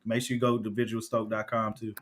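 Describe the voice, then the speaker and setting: A man co-hosting a live talk stream, relaxed and easygoing, often trailing off quietly and laughing. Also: on the low side, fast talker. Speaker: podcast co-host. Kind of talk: casual chat.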